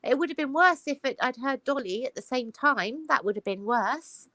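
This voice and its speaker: A British woman chatting casually, high-pitched and swooping all over the place. Her bright, sharp tone comes across gushing and exclamatory. The sound is dry and close to the mic. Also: expressive, moderate pace, dry recording. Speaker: podcast co-host. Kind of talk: casual chat.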